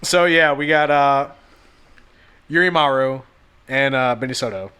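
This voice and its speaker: A man co-hosting a podcast, telling a story in casual chat that is animated and full of swearing, with stammered restarts. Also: mid-range voice, a little slow, clean tone. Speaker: podcast co-host. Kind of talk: casual chat recapping an anime film.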